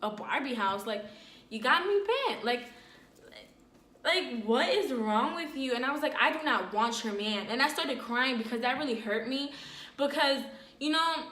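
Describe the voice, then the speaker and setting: A woman telling a personal story in a casual, animated vlog, full of fillers and dramatic retelling. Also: sits high, normal speed, echoey room, slight background noise. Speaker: storyteller, vlogger.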